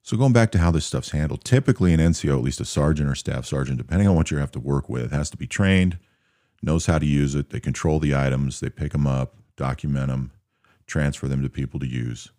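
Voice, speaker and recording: A man casually telling an army anecdote in a relaxed, matter-of-fact way, acting out the soldiers he quotes. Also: very deep voice, a little fast, no echo, studio quality. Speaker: storyteller recounting army anecdotes. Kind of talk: casual spoken storytelling.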